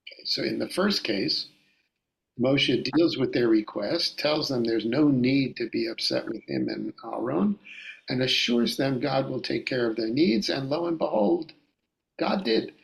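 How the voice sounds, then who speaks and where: A man teaching a Bible study lecture in a deliberate way, often repeating and restarting his phrases. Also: mid-range voice, sing-song, vocal fry, rough recording. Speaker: Torah teacher.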